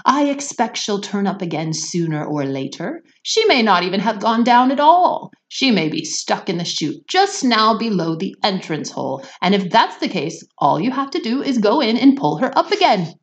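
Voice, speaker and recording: A breezy eccentric candy-factory owner answers everything calmly and cheerfully, voiced by a woman reading aloud. His lively, lilting delivery never sounds worried. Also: medium pitch, moderate pace, hardly any pauses, pitched above the performer's own voice, lightly acted. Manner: calm, cheerfully unbothered. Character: calm, breezy eccentric male chocolatier.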